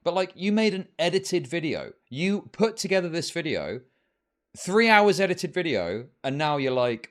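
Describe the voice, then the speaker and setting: A man's voice: on the high side, sing-song, moderate pace. A man giving scornful, rambling commentary on a live stream.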